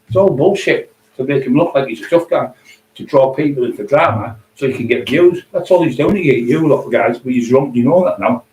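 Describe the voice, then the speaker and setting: A man's voice: mid-range voice, animated, fairly quick, a little mellow. A middle-aged man in an angry, profane, taunting rant. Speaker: vlogger. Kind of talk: angry ranting monologue. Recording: echoey distant room, faint hum.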